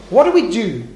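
A man preaching a sermon as a pastor, acting out little everyday scenes as he tells them. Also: high-pitched. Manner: animated storyteller acting out little scenes, with some restarts. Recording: echoey hall, faint noise.

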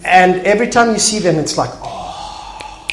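A man's voice: high voice, quick pace. A man preaching a sermon as a pastor, acting out little everyday scenes as he tells them. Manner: animated storyteller acting out little scenes, with some restarts. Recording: echoey hall, faint noise.

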